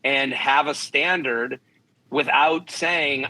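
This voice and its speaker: A man's voice: mid-range voice, steady tone, slow pace, sharp tone, poor audio. A man, a comedian guest on a podcast, giving blunt, emphatic dating advice and often acting out what people might say. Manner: blunt, emphatic, quotes imagined speakers. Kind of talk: podcast chat.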